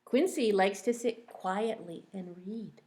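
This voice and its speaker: Slow, gentle woman teacher reading aloud. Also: mid-range voice, noisy background. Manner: gentle, questions to the children. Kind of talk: reading a picture book to young children.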